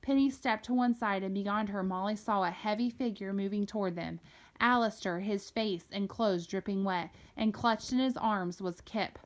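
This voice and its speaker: A woman reading a novel aloud, telling the story in a steady, expressive way. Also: medium pitch, normal speed. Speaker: reader.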